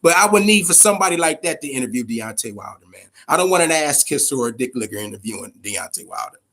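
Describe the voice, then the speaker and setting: Speaking quickly in an expressive, fairly bright voice of medium pitch, a man hosts a boxing podcast. He addresses chat viewers directly in casual live-stream commentary, staying loose, profane and emphatic and repeating words as he gets going.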